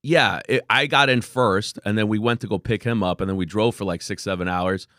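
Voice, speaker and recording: A man, a company founder, telling laid-back, animated stories as a podcast guest. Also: fairly low pitch, fairly quick, no room sound, clean studio sound. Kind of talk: casual interview storytelling.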